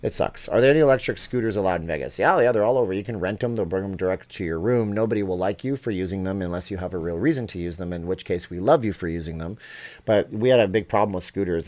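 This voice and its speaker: A man's voice: low voice, darkish tone. A middle-aged man hosting a casual live stream, reading out viewer questions from the chat and answering them offhand.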